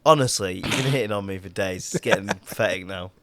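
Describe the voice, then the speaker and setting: A man with a Yorkshire accent co-hosting a casual podcast chat, teasing and quick with banter. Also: low-pitched, fairly bright tone. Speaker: podcast co-host.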